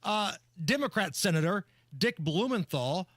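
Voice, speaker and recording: A male radio host with a high, bright voice that swings up and down as he jokes through the show. His studio sound is close and dry, and he talks in loose, playful banter. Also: dry recording. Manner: joking, animated, quick hand-offs. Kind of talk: casual talk radio banter. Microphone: studio microphone.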